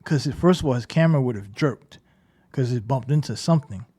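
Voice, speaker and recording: A man with an expressive, mellow, slightly rough mid-range voice talks briskly over game footage. His commentary is casual, critical, and incredulous, loosely conversational and full of "like" and "right?" as he keeps pointing things out.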